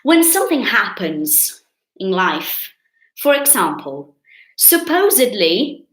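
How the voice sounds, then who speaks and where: Animated Brazilian woman teaching English. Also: medium pitch, slow pace, roomy sound, low-quality recording. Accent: Brazilian Portuguese. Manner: animated, stretches key words, chatty with viewers. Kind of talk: live online English lesson.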